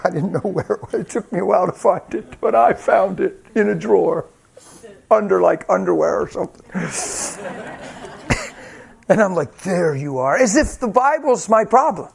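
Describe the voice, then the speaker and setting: A male preacher with a high voice tells a personal story in a sermon. He is animated and self-mocking, and he acts out each quoted line. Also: moderate pace, vocal fry, slightly rough.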